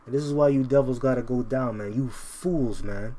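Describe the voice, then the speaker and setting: A man giving an informal, combative scripture commentary. He reads verses slowly and keeps tacking "man" onto his lines. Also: medium pitch, dark tone. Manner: combative, repeats "man" constantly. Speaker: Bible teacher.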